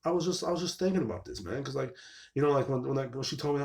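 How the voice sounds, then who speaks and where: A man talking straight to camera on his own show, rambling and cursing as he vents. He leans on sarcasm and keeps circling back with filler phrases. His voice sits at an ordinary middle pitch for a man. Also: expressive, very fast, creaky. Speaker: show host. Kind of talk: casual monologue vlog.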